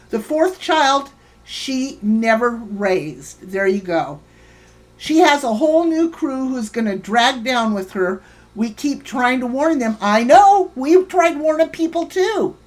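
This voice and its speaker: Heated woman ranting to her livestream chat. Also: high-pitched. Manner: heated, swearing, greets chat viewers by name. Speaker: livestream host.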